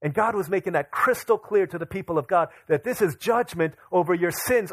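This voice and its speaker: Young male pastor, slightly high voice, dry sound, animated storytelling sermon. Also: brisk, few pauses, no echo. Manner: storytelling, acting out his children's voices.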